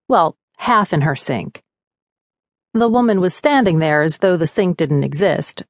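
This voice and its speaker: A woman narrating an audiobook in a measured, wry manner from a studio. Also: lowish voice, no echo. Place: recording studio.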